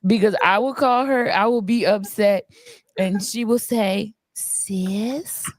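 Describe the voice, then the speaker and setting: A woman who is a co-host and producer speaks at a measured pace in a medium pitch on a dry recording. During a casual livestream chat, she tells candid personal stories and laughs often.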